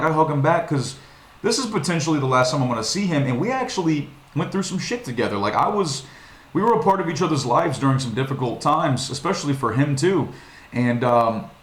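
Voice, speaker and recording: Profane rambling young man, echoey room. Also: mid-range voice. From Virginia, USA. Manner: rambling, profane, frequent restarts. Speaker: vlogger. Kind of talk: casual storytelling monologue.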